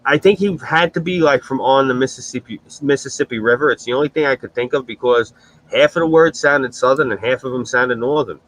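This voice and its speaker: A man's voice: mid-range voice, a little fast, no room sound, rough recording. A man in casual chat, telling blunt, profane stories on a stream.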